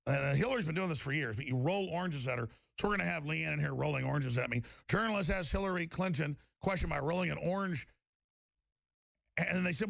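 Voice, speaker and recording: Man, talk-radio host, very gravelly, dry close studio sound, emphatic and rambling. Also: on the high side, brisk, a bit bright, no room sound. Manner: emphatic, rambling, repeats himself. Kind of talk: impassioned talk-radio monologue.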